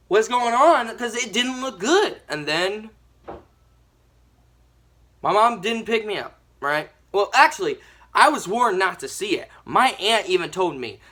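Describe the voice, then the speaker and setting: A young woman giving a ranting movie review, animated and exasperated, with mild swearing. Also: medium pitch.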